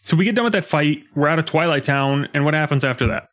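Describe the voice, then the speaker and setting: Animated young man chatting about a game. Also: fairly high pitch, quick pace. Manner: animated, acts out game lines in a jumpy voice. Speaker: podcast co-host. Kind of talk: casual chat about a video game.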